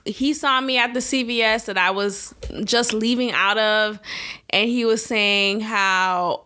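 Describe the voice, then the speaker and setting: A woman's voice: mid-range voice, sharp tone, clean tone. A woman hosting a video commentary, giving blunt, frank opinions in a casual way and often laughing.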